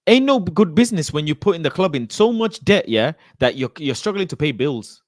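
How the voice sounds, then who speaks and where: A man in casual football chat, ranting in a slow, indignant, emphatic way. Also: a little high, very animated, dry recording.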